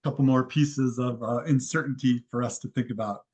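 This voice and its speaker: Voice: medium pitch, fairly even intonation, a little fast, a little mellow, slightly rough. A moderator with a Midwestern accent, steering the discussion in a light, easygoing way. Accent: Midwestern American. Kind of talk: casual moderating.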